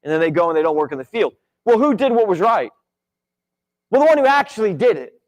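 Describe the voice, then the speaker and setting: Male church teacher, relaxed conversational delivery, voice sitting a bit high. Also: quick pace, dull audio. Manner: conversational, many "right?" and "like" asides. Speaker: Bible class teacher. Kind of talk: casual Bible lesson.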